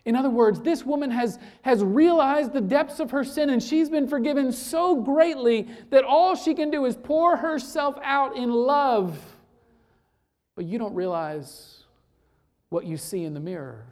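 A woman preaching a sermon and retelling a story to make her point, dropping to a hush for emphasis and then building back up. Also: high voice, unhurried.

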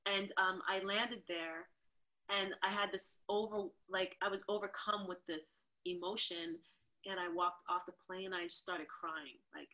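Bright, animated woman telling stories. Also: unhurried. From New York. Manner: animated, acts out quotes with big jumps in pitch. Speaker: podcast guest, dancer. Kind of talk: casual storytelling interview.

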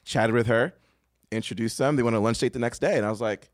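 A man from Boston, a guest on a podcast, telling stories in a quick casual way with lots of laughs. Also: medium pitch, no room sound, studio quality. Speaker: guest, professional wingman.

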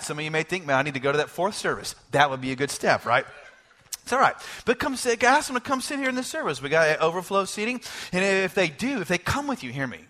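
A man preaching to his church in a high, lively voice that leaps around in pitch. His tone is bright, and he jokes with the congregation, slipping into short acted voices when he quotes people. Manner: animated, joking, acts out quoted voices. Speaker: pastor. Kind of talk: sermon. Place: church service.

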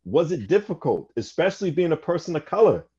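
A man hosting a casual radio interview, affirming his guests with quick okays. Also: fairly high pitch, sing-song, dark tone, breathy edge. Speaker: radio show host. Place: radio studio. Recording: dull lo-fi radio studio sound.

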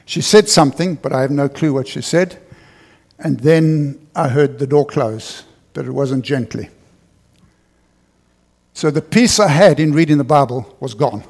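A middle-aged man preaching a sermon as pastor, telling a personal story earnestly and repeating key phrases for emphasis. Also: on the high side. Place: church.

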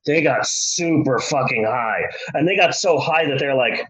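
A man in his forties telling a rambling story in casual chat, animated, jumping into high panicked outbursts. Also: normal speed, hardly any pauses, breathy edge, poor audio. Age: 40s.

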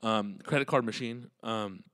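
A man's voice: lowish voice, unhurried, a bit bright, no room sound, clean studio sound. A man telling road stories in a casual, profane, rambling monologue and laughing often.

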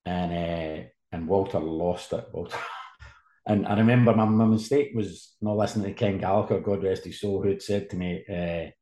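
A man's voice: sits low, steady tone, normal speed, warm tone. A man, a sports journalist telling a rambling story as a guest. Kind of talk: casual anecdote telling. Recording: roomy echo.

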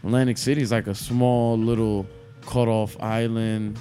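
Mellow laid-back young man. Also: fairly low pitch, level tone, moderate pace, faint music behind. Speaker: podcast co-host. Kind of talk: casual chat.

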